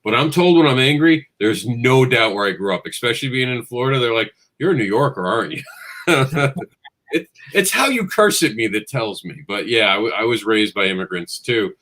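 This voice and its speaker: A man's voice: medium pitch, lively intonation, normal speed, a bit bright. A middle-aged man from Queens, New York, a comics guest telling friendly, self-deprecating stories in a casual chat. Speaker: guest comics writer and publisher.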